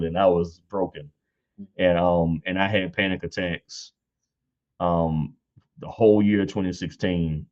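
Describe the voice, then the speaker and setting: Deep-voiced man telling animated family stories. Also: lo-fi sound. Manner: animated, laughs often, acts out quotes in high voice. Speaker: guest on church panel. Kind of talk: casual storytelling.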